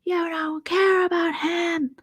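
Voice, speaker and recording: A woman's voice: very high-pitched, level tone, slow, a bit bright, voice pushed up, exaggerated voice. A woman voicing a placating, condescending woman who brushes off complaints. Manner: dismissive, condescending. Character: placating woman defending a man.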